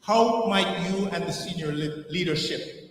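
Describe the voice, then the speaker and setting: A man's voice: high-pitched, measured pace, slight background noise. An older man asking an earnest, emphatic question from the floor of a conference, restarting phrases as he goes. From Caribbean island. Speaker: audience questioner. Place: conference hall. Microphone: floor microphone. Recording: echoey hall from far off.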